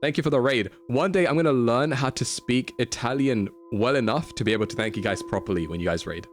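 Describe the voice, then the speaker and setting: A man's voice: mid-range voice, brisk, soft background music. A man streaming a video game, chatty and playful, laughing often as he talks to his chat. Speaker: livestreamer.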